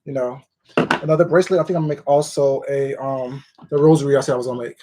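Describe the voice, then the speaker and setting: A man's voice: mid-range voice, steady tone, fast talker, darkish tone. A man hosting a casual livestream, greeting viewers one by one by name in a familiar, chatty way. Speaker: livestream host.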